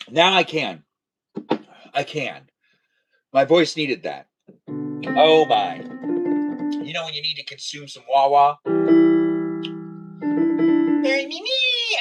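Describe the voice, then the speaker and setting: Young guy rambling on his live stream, kinda high voice that bounces all over, goofy squeals now and then. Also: expressive, a little slow, long pauses, faint music behind. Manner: rambling, playful, jumps between topics; breaks into high squealing calls. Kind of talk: casual live-stream chat. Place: home studio near a garage.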